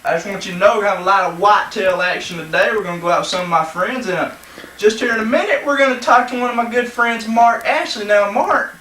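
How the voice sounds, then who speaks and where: A man's voice: sits high, fast, bright, forceful tone. A man playing a boastful country deer-hunting pro in a comedy sketch, rambling with hammy emphasis. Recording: echoey room, mic far off.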